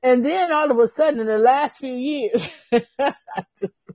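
A woman's voice: sits high, a little slow, darkish tone, no echo, muffled recording. A woman pastor preaching a fervent podcast sermon, with repeated exclamations and bursts of speaking in tongues, who laughs at herself and talks straight to the listeners.

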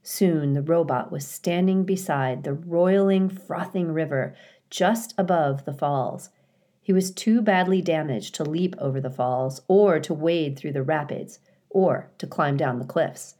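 A woman teacher reading a children's novel aloud in a calm, clear storytelling manner. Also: sits low, unhurried. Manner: calm, clear storytelling with occasional dramatic emphasis.

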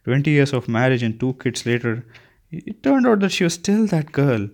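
A man's voice: mid-range voice, very animated, normal speed, a little mellow. A man reading a first-person novel aloud, unpolished, often stumbling and restarting words. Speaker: audiobook reader.

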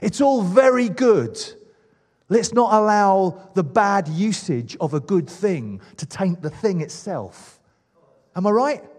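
A man's voice: high-pitched, expressive, slow, a little mellow, long reverb tail. A man preaching a sermon with enthusiasm, asking the congregation questions. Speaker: pastor.

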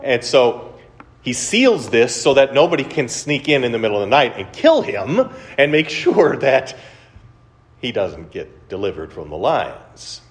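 A man preaching a conversational sermon, retelling a story with animated storytelling and frequent rhetorical questions. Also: medium pitch, unhurried. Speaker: pastor.

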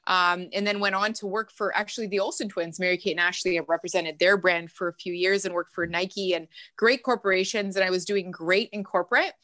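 Bright-voiced woman telling lively stories. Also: on the low side, a little fast, hardly any pauses, no echo. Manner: lively storyteller, laughs often. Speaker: mindset coach, podcast guest. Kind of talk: casual podcast interview.

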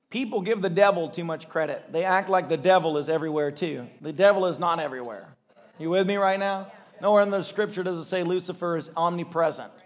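A male pastor preaching a sermon to a church congregation, lively and excitable, breaking into shouts as he tells stories. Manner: excitable, bursts into high shouts when storytelling. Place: church service.

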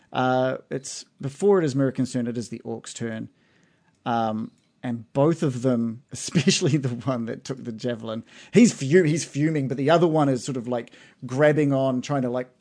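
A man narrating a tabletop role-playing game as game master, in a relaxed, hesitant way with many fillers. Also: medium pitch.

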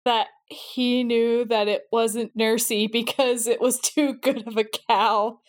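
A woman's voice: on the high side, steady tone, takes it slowly. A woman co-hosting a podcast, chatting casually in an enthusiastic, giggly way. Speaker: podcast co-host. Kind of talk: casual chat.

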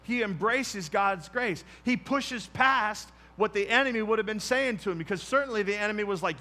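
A man preaching a sermon in a conversational, animated way, dropping to quiet emphasis on key points. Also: sits high, normal speed, hardly any pauses. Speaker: pastor.

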